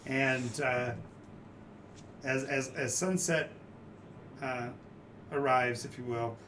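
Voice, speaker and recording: A man's voice: medium pitch, steady tone, slow pace, noisy background. A man running a tabletop game as game master, describing scenes in a rambling way with frequent fillers.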